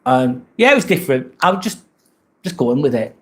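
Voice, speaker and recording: Relaxed British man live-streaming. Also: on the high side, fairly quick. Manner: relaxed, rambling, thanks viewers often. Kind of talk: casual live-stream chat reading comments.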